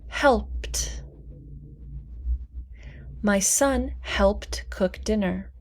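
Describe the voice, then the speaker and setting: A woman teaching English pronunciation, saying single words slowly and clearly for learners to repeat. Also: medium pitch, a little mellow. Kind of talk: slow, deliberate pronunciation lesson.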